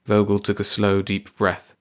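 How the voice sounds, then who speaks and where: A man narrating a short story aloud in a steady, even reading voice. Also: fairly low pitch, a little slow. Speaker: audiobook narrator.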